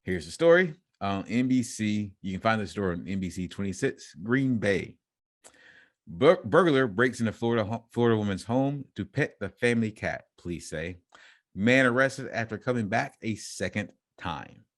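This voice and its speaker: A man with a low voice co-hosts a laid-back podcast. He reads out news stories and breaks off to joke about them. His voice sounds close and dry, with no room around it. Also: lively intonation, moderate pace, no echo. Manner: reads headlines, then riffs and laughs between lines. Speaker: podcast co-host. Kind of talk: casual podcast chat, reading news stories aloud.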